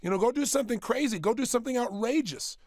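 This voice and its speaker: This motivational speaker has a very high, slightly mellow voice with lively intonation. Before a small studio audience, he drives his workshop talk home emphatically, repeating phrases and rapidly posing rhetorical questions. The recording is dry.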